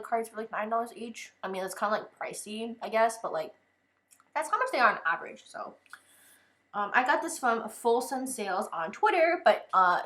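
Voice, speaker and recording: Here a young woman talks loosely through an unboxing vlog, leaning on "like" almost constantly. Her pitch is medium and her tone fairly bright.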